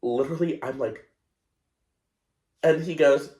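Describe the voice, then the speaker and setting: Young male podcast host, unhurried, echoey room, rambling and animated storytelling. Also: mid-range voice. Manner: animated, self-conscious storytelling with many fillers. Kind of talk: casual storytelling monologue.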